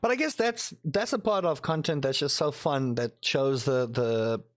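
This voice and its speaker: A man hosting a podcast and interviewing a guest in a casual, playful and excitable way. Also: mid-range voice, moderate pace. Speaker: podcast host.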